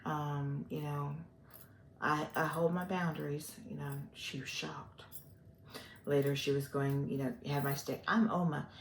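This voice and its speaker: An older woman from the Gulf Coast of Texas, rambling through a personal vlog with many pauses and fillers. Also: low voice, level tone, echoey room, slight background noise. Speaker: vlogger.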